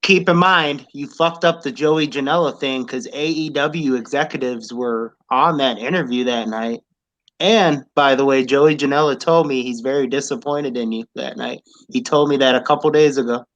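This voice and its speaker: A man's voice: medium pitch, moderate pace, fairly bright tone, highs cut off. A man hosting a comedy podcast in a brash, profane, needling way. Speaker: podcast host. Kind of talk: casual comedic chat.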